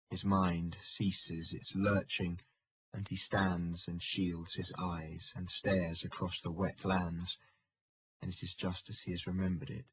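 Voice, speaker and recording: A man reading a historical novel aloud in steady, measured audiobook narration. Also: low voice, breathy edge, lo-fi sound.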